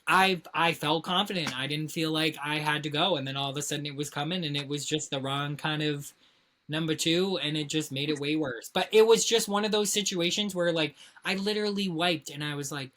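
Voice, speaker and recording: A woman co-hosting a podcast, telling a story in casual chat, animated and heavy on swearing and filler words. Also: sits low, a little fast. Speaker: podcast co-host.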